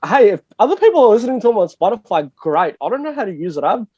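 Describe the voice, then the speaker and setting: A man's voice: high voice, sing-song, rapid-fire, a little mellow, slightly rough, no echo. A young Australian man, a DJ guest on a podcast, talking casually in a rambling, self-mocking way and swearing freely. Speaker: guest DJ and producer. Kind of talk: casual interview chat. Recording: dull lo-fi dry sound.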